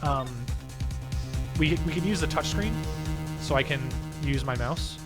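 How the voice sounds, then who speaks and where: A man's voice: a little high, measured pace. A sniffly man giving casual, profane let's-play commentary as he streams a video game, over game music. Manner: loose, profane, chatty.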